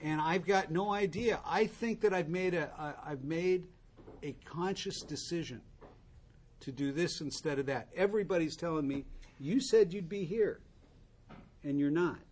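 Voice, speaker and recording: A man's voice: a little high, moderate pace. A man telling his own recovery story to a group, candid and wry, with asides to the listeners. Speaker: recovery speaker.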